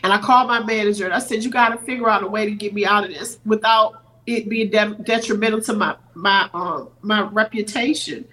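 A middle-aged woman appears as a podcast guest, telling an emotional personal story earnestly and teary-eyed while acting out what others said. Her mid-range voice is a little fast and sharp, with fairly even intonation, and the audio is poor.

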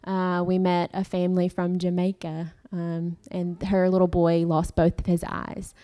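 A woman's voice: on the low side, completely flat delivery, unhurried, dark tone. A young woman giving a heartfelt personal testimony in church, rambling a little with fillers and restarts.

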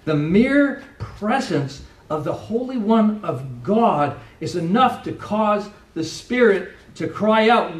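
A middle-aged pastor preaching a sermon with earnest, emphatic delivery, recorded from a distance in a church sanctuary. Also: male voice, high voice, lively intonation, slow pace, hardly any pauses. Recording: echoey room, voice from a distance.

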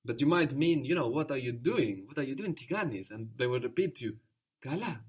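Male tutor, patient and encouraging, mid-pitched voice, explains step by step. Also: animated, brisk, husky. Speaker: language teacher. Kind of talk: spoken language lesson.

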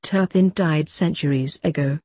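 A woman's voice: deep voice, measured pace, mellow, no room sound, studio quality. A woman voicing an ordinary modern man who keeps asking incredulous questions in a read-aloud story. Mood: puzzled. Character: ordinary modern man, startled and curious traveller.

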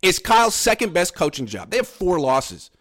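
A man, a sports journalist, pushing back in a heated casual debate with quick, defensive rebuttals and bursts of laughter. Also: high voice, big pitch swings, fairly bright tone. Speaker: sports journalist covering the team.

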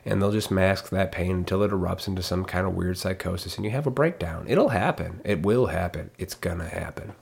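A man's voice: sits low, brisk, gravelly, few pauses, slightly rough. A man ranting bluntly in a casual monologue, swearing freely and mocking others in put-on voices. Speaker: commentator.

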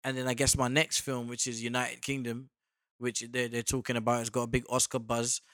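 A man's voice: mid-range voice, a little fast, no echo, clean studio sound. A British man, an actor guest, telling stories in casual chat and acting out quotes. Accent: British English. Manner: animated storytelling, acts out quotes.

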